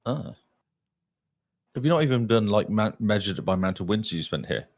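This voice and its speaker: A man with a lowish voice playing a tabletop game, asking questions in a casual, playful way. His pitch moves up and down a lot as he talks. The sound is close and dry. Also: lively intonation, a little fast, no echo. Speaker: player. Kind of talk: tabletop role-play as a player.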